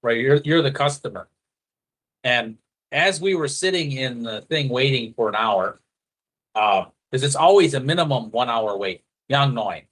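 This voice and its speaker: A man's voice: medium pitch, measured pace. Profane storytelling man. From a foreigner living in Thailand. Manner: profane, animated storytelling with quoted voices. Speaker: storyteller in casual chat. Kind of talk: casual chat.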